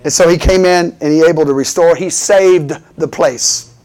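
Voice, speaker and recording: A male preacher delivering an animated sermon, calling for responses and asking for "Amen" again and again. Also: fairly high pitch, normal speed. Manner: animated, fervent, repeatedly asks for "Amen".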